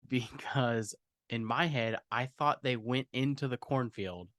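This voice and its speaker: A woman's voice: a bass voice, takes it slowly, no room sound, clean studio sound. A woman co-hosting a podcast, reacting in slangy, laid-back casual chat. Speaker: podcast co-host.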